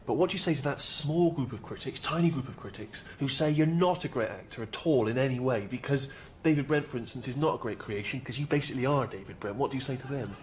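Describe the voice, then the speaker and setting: A man playing a hesitant, put-upon talent agent who talks in a halting, deferential way. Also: mid-range voice, slight background noise, close to an everyday voice. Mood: nervous. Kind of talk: sitcom acting.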